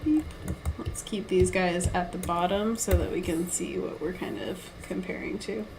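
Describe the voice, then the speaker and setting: A woman's voice: lowish voice, moderate pace, vocal fry, background noise. A young woman artist streaming live, thinking aloud and reading chat in a giggly, self-deprecating way. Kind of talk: casual live-stream chat while painting.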